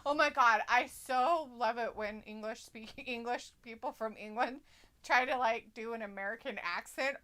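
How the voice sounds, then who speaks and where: A woman's voice: a little high, moderate pace, bright, forceful tone. A woman co-hosting a live stream, chatting casually, reading viewer comments aloud and laughing often. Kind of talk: casual watch-along chat.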